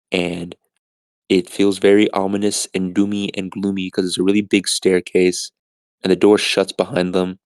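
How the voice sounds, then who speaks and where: Man, podcast host, casual rambling retelling, low voice, dry close sound. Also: a little mellow, no room sound. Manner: casual, filler-heavy, rambling.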